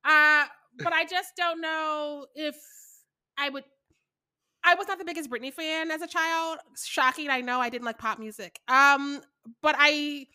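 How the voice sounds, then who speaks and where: Bright, high-voiced woman co-hosting a chatty podcast. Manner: animated, joking, quick laughs. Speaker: podcast co-host. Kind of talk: casual chat.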